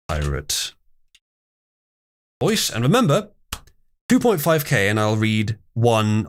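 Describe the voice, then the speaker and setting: Male stream host, young adult, mid-range voice with lively pitch swings, wry and theatrical while reading chat. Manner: wry, mock-outraged, reads memes aloud with theatrical emphasis. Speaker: livestream host. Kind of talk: casual live-stream commentary reading chat.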